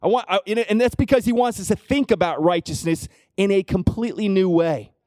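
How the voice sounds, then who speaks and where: A middle-aged man preaching a sermon, conversational, often checking in with the congregation with "right?" and dropping to a hush for personal stories. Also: a little fast, no echo, clean studio sound. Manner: drops to a hushed low voice when telling personal moments. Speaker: pastor.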